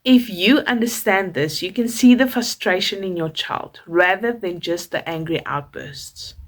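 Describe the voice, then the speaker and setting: A young woman from South Africa with a South African accent, a mother calmly reading out parenting tips in a measured, advising way. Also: medium pitch. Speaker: parenting vlogger, mother of a toddler. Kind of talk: scripted parenting tips to camera.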